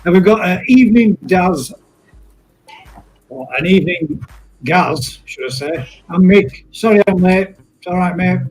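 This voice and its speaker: A man's voice: high-pitched, animated, a little slow, darkish tone, low-quality recording. A man hosting a live stream, chatting casually and laughing often as he calls people mate.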